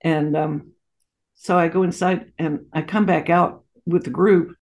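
Gravelly woman in her 60s, chatty guest telling family stories. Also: fairly low pitch, fairly even intonation, unhurried. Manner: warm anecdotal storytelling with frequent laughs and asides. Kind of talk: storytelling interview.

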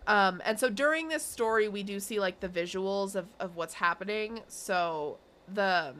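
A woman's voice: medium pitch, a little slow, fairly bright tone. Giggly young woman recapping, filler-heavy. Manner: rambling with many fillers and giggles. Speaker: podcast co-host. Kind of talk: casual episode recap chat.

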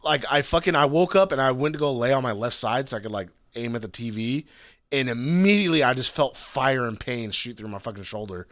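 A man's voice: mid-range voice, fairly quick, no echo. A young man co-hosting a podcast, talking casually and swearing a lot as he tells stories. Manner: profane, animated storytelling. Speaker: podcast co-host. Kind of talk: casual chat.

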